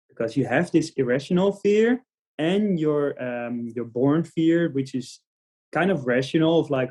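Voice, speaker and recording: A man from the Netherlands, a native Dutch speaker, chatting as a podcast guest and telling animated stories with many fillers. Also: mid-range voice, moderate pace. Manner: animated storytelling with frequent fillers and laughs. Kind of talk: casual interview chat.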